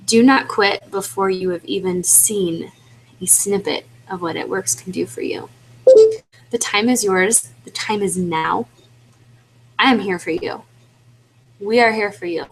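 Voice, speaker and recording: A woman's voice: medium pitch, a little hiss or hum, low-quality recording. A woman leading a motivational webinar, talking earnestly and pleading with her team, casual with fillers. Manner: earnest, pleading, repetitive exhortation. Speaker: team leader for independent distributors.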